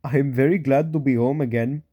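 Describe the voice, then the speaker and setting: A man voicing a kind, very old male engine in a storybook reading, gentle and polite. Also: mid-range voice, steady tone, fairly quick, lo-fi sound, lightly acted. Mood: glad.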